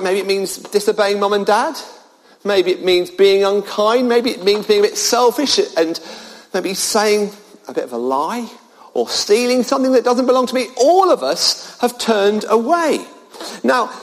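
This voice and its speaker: A man preaches to children and parents, his voice high and swooping with lively animation. Long reverb from a large hall trails his words. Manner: animated, exclamatory, playful with children. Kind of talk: children's sermon.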